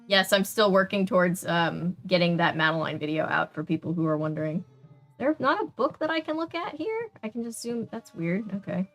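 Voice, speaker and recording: A woman's voice: fairly low pitch, animated, a little fast, fairly bright tone, soft background music. A woman with a Southern US accent, chatting casually and laughing often while streaming a video game. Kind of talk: casual gameplay chat.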